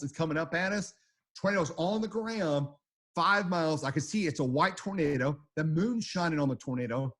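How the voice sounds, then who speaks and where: A storm chaser speaks with a husky, slightly high-pitched voice. He tells his stories casually. He rambles and repeats himself. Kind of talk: casual storytelling.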